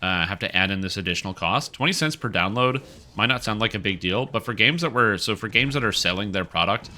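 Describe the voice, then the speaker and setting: A male game streamer who rambles through his thoughts with plenty of fillers as he plays. His voice sits low but sounds very bright and forceful. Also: animated, fast. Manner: chatty, rambling with many fillers. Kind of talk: casual gaming commentary.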